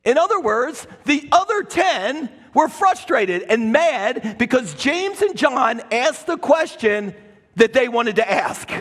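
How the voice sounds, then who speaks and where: A male pastor preaches with a high, husky voice that leaps between loud bursts and quiet asides. He tells the story with lively, animated emphasis. His clip-on mic catches the long reverb of the church hall. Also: slow. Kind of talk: sermon. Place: church sanctuary. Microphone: clip-on microphone.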